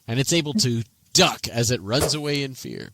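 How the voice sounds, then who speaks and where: A man narrating a tabletop game as game master, in an animated, playful manner. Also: medium pitch, moderate pace, noisy background.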